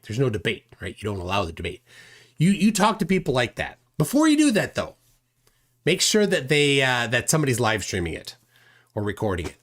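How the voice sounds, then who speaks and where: A man hosting a livestream, commenting indignantly on a clip and reading chat aloud. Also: mid-range voice. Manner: indignant, reads chat aloud, frequent "right?". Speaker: livestream host.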